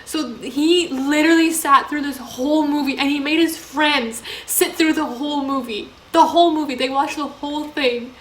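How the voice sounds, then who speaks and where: A woman's voice: high-pitched, steady tone, normal speed, few pauses. A young woman co-hosting a podcast, telling a story through laughter in casual chat, full of likes. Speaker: podcast co-host. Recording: roomy echo, faint hiss.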